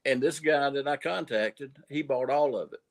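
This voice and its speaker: A man's voice: mid-range voice, normal speed, vocal fry. Folksy Southern man telling stories. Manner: folksy storyteller, repeats words as he goes. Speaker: coin dealer guest. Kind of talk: casual livestream chat.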